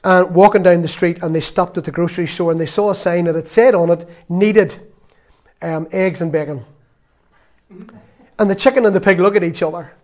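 A man's voice: high-pitched, fast talker, hardly any pauses. Earnest conversational preacher in his fifties. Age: 50s. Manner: earnest, conversational, dropping to soft confession. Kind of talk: sermon.

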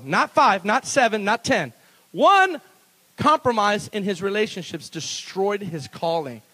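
A man preaching a sermon as pastor at a church service, animated and playful, breaking into laughs between bold declarations. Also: extremely high pitch, poor audio.

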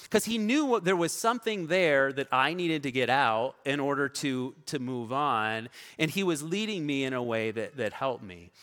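A man's voice: medium pitch, animated, normal speed, few pauses. Man preaching in a reverberant hall. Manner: conversational storytelling, varying loud and soft. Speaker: pastor. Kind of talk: sermon. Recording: long reverb of a large hall.

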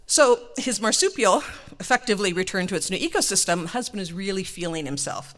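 Woman doing a funny story, lively up and down voice, laughing a lot. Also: medium pitch, brisk. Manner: animated, laughs often. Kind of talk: live comic storytelling.

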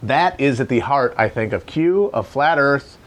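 A man's voice: medium pitch, expressive, measured pace. A man hosting a casual, rambling political commentary, sardonic and profane. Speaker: commentator host.

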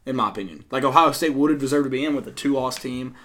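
A man's voice: mid-range voice, fast. A young man from Tennessee co-hosting a casual sports podcast, rambling with many fillers. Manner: rambling, many fillers, mock-yells impressions. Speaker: podcast co-host.

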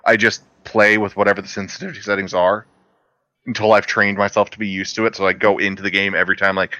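A young man from Louisiana in casual podcast chat, telling stories with quick silly voices. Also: on the low side, no echo, muffled recording. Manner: animated storyteller doing quick silly voices.

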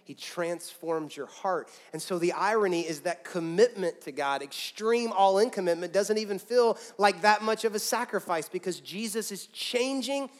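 A man preaching a sermon as pastor, swinging from loud, pressing emphasis down to quiet, soft lines. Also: sits high, moderate pace, hardly any pauses. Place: church auditorium with a congregation.

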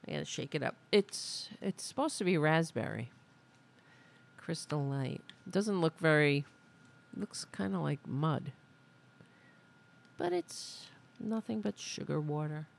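A woman's voice: deep voice, lively intonation, measured pace, creaky, pauses often, a little hiss or hum. A woman hosting a podcast, ranting sarcastically in a casual political commentary. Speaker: podcast host.

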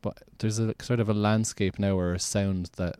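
An Irish man hosts a casual podcast chat with a low, unhurried voice. He wanders through his thoughts, restarting sentences and leaning on fillers. The sound is dry and close. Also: fairly even intonation, dark tone, clean tone, no echo. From Ireland. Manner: rambling, many restarts and "like" fillers. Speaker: podcast host.

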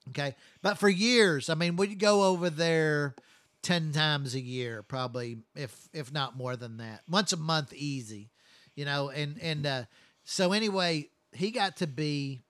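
A man's voice: on the high side, unhurried, a bit bright, no room sound. A man telling long, profane stories from his work as a first responder in a casual chat. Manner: profane, rambling, blunt.

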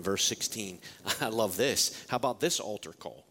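Lively, joking male pastor. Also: fairly low pitch, moderate pace, hardly any pauses, slight background noise. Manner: lively, joking, rhetorical questions. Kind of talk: sermon.

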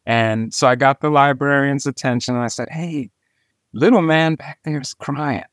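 A man who is an illustrator and interview guest, telling a story and acting out the dialogue in an animated way. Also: mid-range voice, moderate pace, dry recording, studio quality. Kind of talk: storytelling in conversation.

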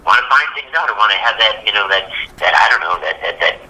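A man's voice: lowish voice, expressive, quick pace, pushed and bright, slight background noise. An older man, a guest actor, telling rambling stories with lots of fillers and restarts over a tinny phone line. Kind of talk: interview storytelling.

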